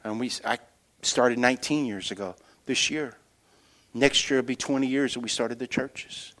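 A middle-aged man preaching a sermon as pastor, telling stories with animated energy and dropping to quiet, earnest emphasis. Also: mid-range voice, moderate pace. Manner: animated storytelling that shifts between loud excitement and quiet earnest emphasis.

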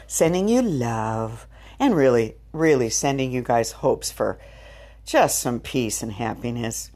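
A woman's voice: very deep voice, darkish tone. A middle-aged woman giving a candid, bawdy dating update to her viewers in a casual vlog. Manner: candid, bawdy, giggly storytelling. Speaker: vlogger.

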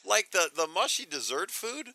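Man, casual podcast talk, explaining, lively pitch, bright, dry sound. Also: moderate pace, creaky, no echo. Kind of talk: casual chat.

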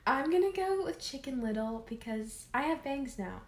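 A young woman chats with a co-host in a playful, joking way. Her voice sits a little high, and the recording carries a roomy echo. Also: expressive, normal speed. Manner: playful, jokey. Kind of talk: casual chat.

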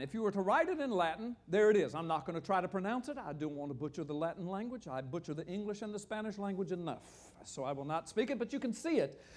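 An older man preaching a sermon, animated and joking, often asking the audience questions. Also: sits high. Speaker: pastor. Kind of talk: sermon teaching with slides.

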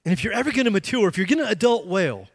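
A middle-aged man preaching a sermon in a church, telling a story with animated emphasis and frequent restarts. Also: high voice, racing, gravelly, slightly rough. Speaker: pastor. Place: church sanctuary. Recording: long reverb of a large hall.

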